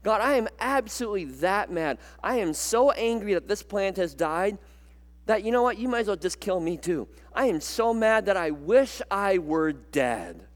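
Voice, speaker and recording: A preacher voicing a sulking furious prophet. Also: male voice, high-pitched, big pitch swings, unhurried, vocal fry, long pauses, exaggerated voice. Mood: angry, sulking. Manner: whining, indignant.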